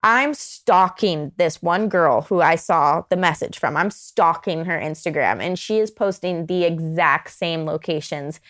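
A woman's voice: fairly low pitch, unhurried, hardly any pauses, a bit bright. Chatty young woman telling her story. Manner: chatty, filler-heavy with frequent "like". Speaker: podcast guest. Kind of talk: casual storytelling.

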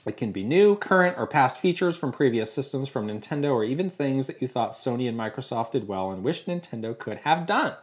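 A woman's voice: rumbling low, expressive, fairly quick, hardly any pauses. A woman co-hosting a casual podcast, reading listener questions aloud and bantering playfully. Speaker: podcast co-host. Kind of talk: casual chat.

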